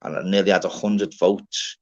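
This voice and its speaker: A man's voice: sits low, fairly even intonation, normal speed. A man hosting a live stream, bragging and swearing in loose casual banter. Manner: boastful, slangy, swears freely. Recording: dull lo-fi stream audio.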